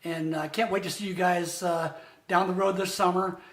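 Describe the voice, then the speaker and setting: A man's voice: sits high, fairly even intonation, normal speed. A man singing rock songs unplugged, strumming a guitar, with a Midwestern American accent, then thanking viewers. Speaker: musician. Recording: echoey room with loud guitar.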